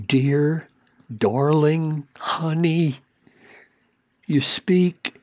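A grieving older man, as a preacher puts him on, gently rebukes his wife in a slow, husky voice. The tone is tender and pleading and climbs into earnest emphasis, and the sound is dry and close. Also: on the high side, dry recording, pitched above the performer's own voice, full character voice.

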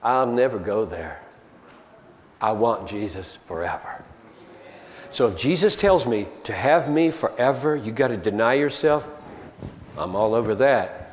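A man's voice: mid-range voice, slight background noise. A man preaching a sermon, emphatic and argumentative, driving his points home with rhetorical questions. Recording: long reverb of a large hall.

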